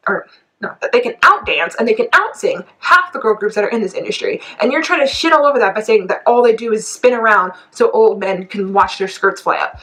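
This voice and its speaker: A woman in her twenties ranting casually to camera as a K-pop vlogger, animated and indignant, rambling and laughing between points. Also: on the high side, fairly quick, low-quality recording. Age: 20s.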